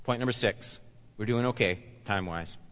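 A man from Canada preaching a sermon as a pastor, swinging between loud urgent emphasis and quiet asides. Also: on the low side, normal speed. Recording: dull sound with long reverb in a large hall.

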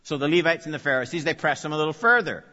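Bright-voiced man preaching in a reverberant hall. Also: on the high side, animated, very fast. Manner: emphatic, repeats key phrases, questions the audience. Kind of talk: expository sermon. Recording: long reverb, dull lo-fi sound.

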